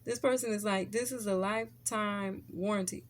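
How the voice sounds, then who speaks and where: A woman's voice: medium pitch, fairly even intonation, normal speed, a little hiss or hum. A woman giving a casual tarot reading, blunt and profane, who laughs often and keeps checking in with "okay?". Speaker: tarot reader.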